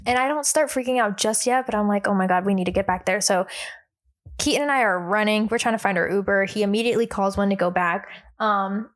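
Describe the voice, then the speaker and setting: Young woman, podcast co-host, casual storytelling, animated quoted voices, lots of likes and ums. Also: medium pitch, a little fast.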